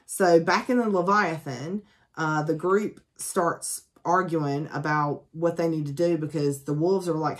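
Low-voiced chatty woman recapping a book. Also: fairly even intonation, measured pace. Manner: chatty, lots of ums and asides; sarcastic, joking. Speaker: book reviewer. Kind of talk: casual spoken book summary.

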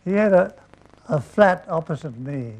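An older man telling comic stories on stage in a rambling, deadpan way, with an audience laughing. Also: on the high side, a little slow, low-quality recording. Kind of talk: stage storytelling.

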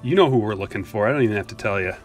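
Racing along in a fairly low voice with faint music behind, a card break streamer opens trading card packs on a live stream. He chats casually, jokes, reads viewer messages aloud and answers them, sounding a little out of breath.

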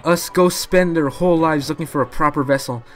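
A man voicing a furious ghost that lives inside a training dummy, ranting and shouting insults in a video game. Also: a little high, brisk, soft background music, close to an everyday voice. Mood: angry.

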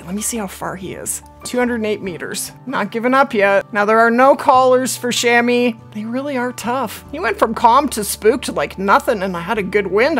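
A woman hosting her own gaming channel, chatting and reacting out loud as she plays a hunting game. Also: medium pitch. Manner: chatty, excitable, talks to herself while playing. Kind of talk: casual gameplay commentary.

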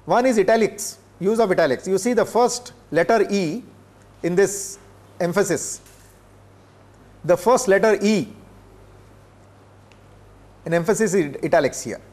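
An older man from India, giving a classroom lecture in a measured way, pausing often with filler sounds. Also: sits high, a little mellow. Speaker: professor. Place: lecture room.

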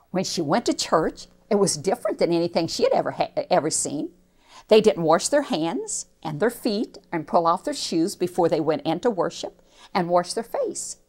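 Woman, children's Bible storyteller, slow delivery, very lively pitch, emphatic asides. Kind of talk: expressive children's story narration.

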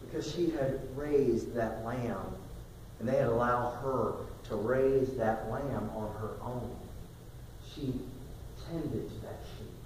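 A man preaching a sermon, telling a story in a quiet voice that rises into loud, emphatic bursts. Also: mid-range voice, takes it slowly, slight background noise. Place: church sanctuary. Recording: echoey hall recorded from far off.

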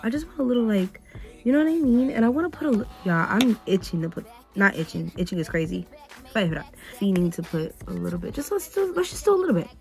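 A young woman vlogger chatting while getting ready, telling a story in an animated, sassy way full of slang. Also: medium pitch, quick pace, gravelly, faint music behind.

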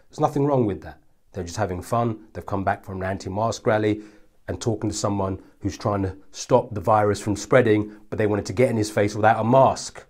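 A man's voice: fairly low pitch, a little fast, a little mellow. A male comedian doing a stand-up routine with a sarcastic, mock-serious delivery.

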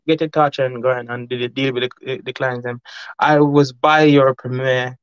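Man, livestream host reading chat, mid-pitched, loose and laughing, dull lo-fi stream audio. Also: little pitch movement, moderate pace, smooth, no echo. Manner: chatty, laughs often, rambling asides.

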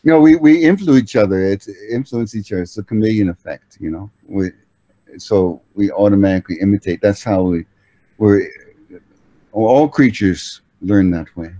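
A man answering questions as a language-learning expert, measured and hesitant with many pauses and restarts. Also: lowish voice, dark tone, dry recording, poor audio. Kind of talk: explanatory answers in conversation.

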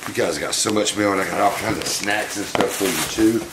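A man's voice: fairly low pitch, fairly quick, very noisy. A man hosting a casual unboxing vlog, chatty and fond, often talking to his pets. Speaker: pet monkey owner and channel host.

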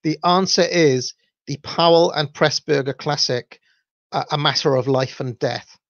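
A man's voice: fairly high pitch, measured pace, dry recording, dull audio. A Welsh man hosting his own show, talking casually and rambling with many fillers and self-deprecating asides. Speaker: podcast host. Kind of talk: casual solo livestream talk.

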